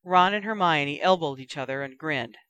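A narrator giving a steady, even reading of a story. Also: mid-range voice, moderate pace, clean tone. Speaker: audiobook narrator. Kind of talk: reading fan fiction aloud.

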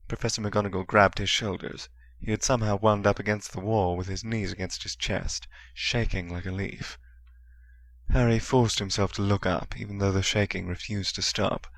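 Low-voiced male audiobook narrator. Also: moderate pace, dry recording. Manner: steady storytelling with soft character voices. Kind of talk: scripted narration.

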